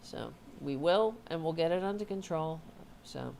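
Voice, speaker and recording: A woman's voice: low-pitched, lively intonation, a little slow, vocal fry, darkish tone, a little hiss or hum. A woman hosting a casual livestream, rambling and swearing as she chats and talks to her cat. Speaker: host.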